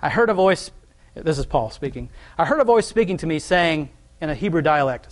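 Male lay preacher, casual folksy delivery, slightly higher voice. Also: animated. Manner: conversational, folksy preaching with quick laughs. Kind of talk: sermon.

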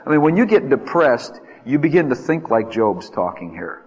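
A man preaching a sermon, acting out desperate pleas in a lively way. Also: normal speed, few pauses, breathy edge. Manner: animated, acts out pleas with rising pitch. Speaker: pastor. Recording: reverberant hall.

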